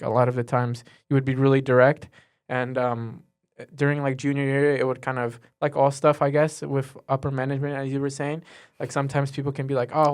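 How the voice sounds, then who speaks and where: A teenage boy, a student guest, answering in a casual interview with an earnest, halting way of talking and many fillers. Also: medium pitch. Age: teens.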